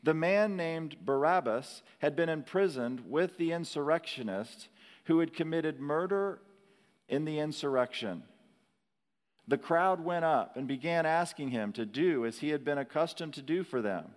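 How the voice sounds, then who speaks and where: A man preaching a sermon in a slow, dramatic way, rising to emphatic peaks and dropping to hushed lines. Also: a little high, lively intonation, in a large hall. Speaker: pastor.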